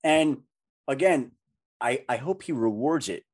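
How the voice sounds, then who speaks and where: A man hosting a sports podcast, talking in an animated, emphatic and excitable way. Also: medium pitch, a little slow. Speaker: podcast host. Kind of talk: casual sports chat.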